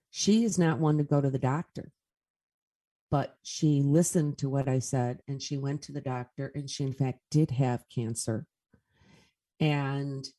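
A woman's voice: low voice, mellow. A woman speaking as a guest medium in a casual interview, telling stories in an earnest way.

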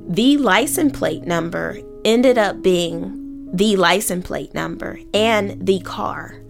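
A woman from Oakland telling a personal story in a vivid, animated way. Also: mid-range voice, takes it slowly, gravelly, faint music behind. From Oakland, California.

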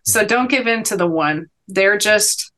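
A middle-aged woman speaks earnestly and with emphasis, building her stories toward a heartfelt message. Her pitch sits in an ordinary middle range for a woman. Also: a little slow, fairly bright tone. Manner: earnest, emphatic storytelling with inspirational lines. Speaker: podcast guest. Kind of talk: storytelling in a sit-down interview.

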